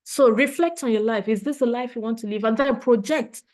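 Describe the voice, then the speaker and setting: A woman's voice: a little high, brisk, darkish tone. A woman trainer giving a motivational leadership talk, earnest and emotional, repeating her points for emphasis.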